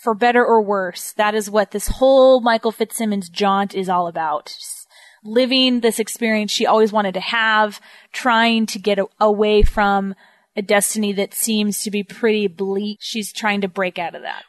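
A woman co-hosting a casual film discussion who talks in a wry, measured way. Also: mid-range voice, steady tone, no echo. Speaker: podcast co-host.

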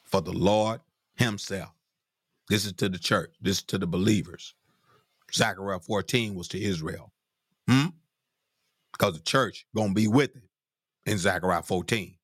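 A man's voice: measured pace, pauses often, husky, no echo, clean studio sound. A man preaching a sermon with fervor, calling out "glory" and asking "hmm?" between scripture readings. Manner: fervent, repeats "glory be to God" and "hmm?", pitch climbs when stirred.

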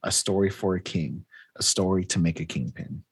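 A man voicing an imposing middle-aged crime boss in a low, quiet, measured way while recapping a comic. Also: slightly rough, no room sound, heavily acted. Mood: grave.

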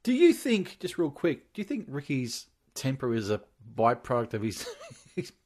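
A man's voice: mid-range voice, wildly swooping pitch, normal speed, a little mellow. A man as a podcast guest, making sarcastic, mocking asides in casual chat.

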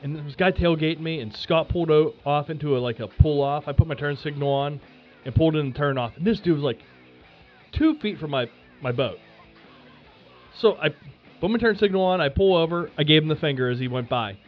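A podcast host spinning a casual story, animated and swearing freely with lots of fillers. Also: male voice, a little high, fairly quick, dull audio, soft background music.

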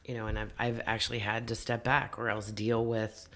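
A man talking earnestly in a casual conversation as a podcast guest, often halting and restarting his sentences. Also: fairly low pitch, monotone, a bit bright.

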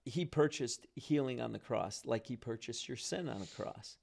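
A man's voice: mid-range voice, moderate pace, gravelly, breathy edge. A man talking casually about prayer and faith, telling stories with many restarts. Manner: animated storyteller with frequent restarts.

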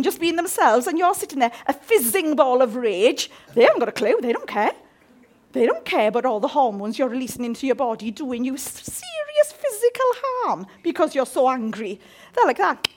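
A woman gives a sermon in a high, bright-sounding voice that leaps up and down in pitch. She is jokey and animated and keeps turning questions back to her listeners. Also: moderate pace. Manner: animated, humorous, asks the audience questions. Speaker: preacher.

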